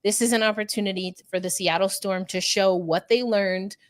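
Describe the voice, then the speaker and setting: A woman from New York City co-hosting a live sports podcast, chatty and animated, with nerdy asides and quick self-corrections. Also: mid-range voice. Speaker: podcast co-host. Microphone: remote streaming setup.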